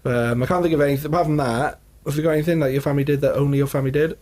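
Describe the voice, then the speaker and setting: A man's voice: a little high, fairly even intonation, rapid-fire, darkish tone. A young man co-hosting a casual podcast, telling family stories and laughing often. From Wales. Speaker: podcast co-host. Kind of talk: casual chat.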